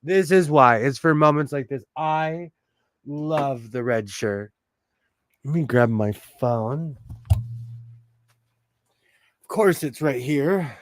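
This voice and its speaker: A man's voice: fairly high pitch, slow, long pauses, dry recording. A man hosting a sewing livestream from home in a chatty, self-mocking way and laughing often. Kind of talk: casual live stream chat.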